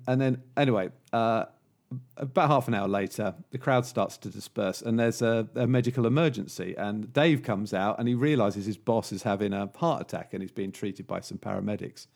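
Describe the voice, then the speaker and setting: A man's voice: mid-range voice, normal speed, gravelly, darkish tone. A man co-hosting a podcast, chatting casually and telling a long, rambling joke with many fillers. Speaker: podcast co-host.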